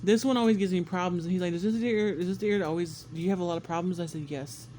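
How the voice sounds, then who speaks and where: A man vlogging a casual story about being sick, animated and swearing often, acting out what people said. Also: high voice, rapid-fire, a little hiss or hum. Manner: animated, swears often, acts out quotes with squeals. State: congested and sick.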